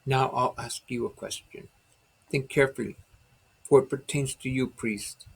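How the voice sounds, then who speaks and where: A man's voice: medium pitch, fairly even intonation, normal speed, vocal fry, slightly rough, poor audio. A man voicing a mocking demon enchantress. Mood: taunting. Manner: mocking, taunting riddles. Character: seductive demon in an enchantress's form.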